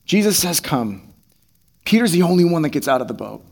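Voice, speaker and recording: A man's voice: on the high side, very animated, rapid-fire, vocal fry. A man preaching a conversational sermon, reading scripture aloud and then explaining it in plain, casual speech. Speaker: pastor.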